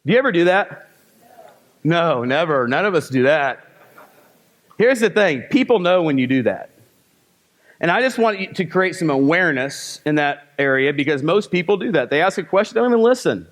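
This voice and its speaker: A man's voice: fairly high pitch, expressive, normal speed. A man teaching a live sales seminar. He fires off rhetorical questions and short, punchy commands from the stage. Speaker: sales trainer.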